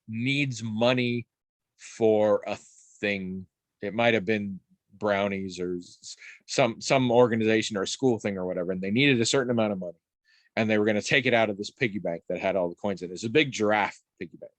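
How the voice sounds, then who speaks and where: Rambling, animated male podcast storyteller. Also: fairly low pitch, no room sound. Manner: animated, rambling storyteller with frequent restarts and swearing. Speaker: podcast co-host. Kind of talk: casual chat.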